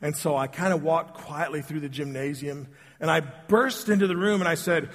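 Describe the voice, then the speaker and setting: A man preaches in an easygoing, conversational way, joking with the people in front of him as he tells stories. His voice sits a little high for a man. The sound carries a long reverb from a church sanctuary. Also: normal speed, fairly bright tone. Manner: casual, joking, addresses the congregation directly. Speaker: pastor. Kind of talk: conversational sermon with storytelling.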